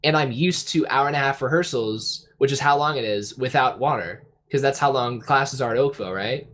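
A man's voice: medium pitch, fairly quick, fairly bright tone. A young man co-hosting a casual podcast, telling a long story with lots of restarts and fillers. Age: young adult. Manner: rambling storytelling with many restarts. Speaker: podcast co-host. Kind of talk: casual chat.

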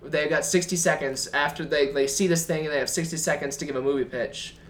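A man's voice: fairly high pitch, fairly even intonation, brisk, fairly bright tone, slight background noise. A young man co-hosting a podcast, chatting casually with dry, teasing remarks. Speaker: podcast co-host. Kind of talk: casual chat.

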